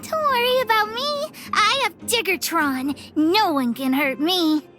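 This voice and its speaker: A woman's voice: extremely high pitch, a little slow, bright, forceful tone, faint music behind, full character voice. A woman voicing a brave, boastful little girl in a game, with childish bravado. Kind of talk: game voice acting.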